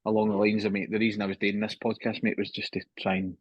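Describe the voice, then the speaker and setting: A man in his thirties with a husky, slightly low voice, talking quickly and candidly as a podcast guest. He swears freely and keeps calling his host mate. The sound is dry, with no room echo, picked up on a phone. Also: flat delivery, muffled recording. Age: 30s. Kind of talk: casual conversation.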